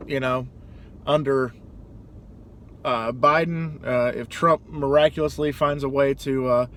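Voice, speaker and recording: A young man talking casually in a rambling vlog monologue, now and then doing loud high-pitched impressions. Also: a little hiss or hum. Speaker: vlogger.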